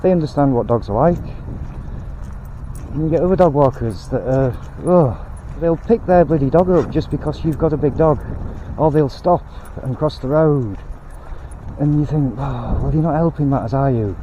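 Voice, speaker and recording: A man's voice: a little high, normal speed, warm tone, highs cut off, slight background noise. Blunt man ranting outdoors. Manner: blunt, swearing, rambling. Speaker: vlogger. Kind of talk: casual rant while walking. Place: outdoors on a canal towpath.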